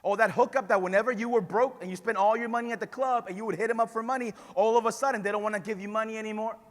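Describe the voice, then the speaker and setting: ऊँची आवाज़ वाला जोशीला पादरी, हॉल की गूँज. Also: male voice, high-pitched, fairly even intonation, racing, long reverb tail. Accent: Spanish-influenced English. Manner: passionate, builds to shouting, conversational asides. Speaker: pastor. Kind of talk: sermon.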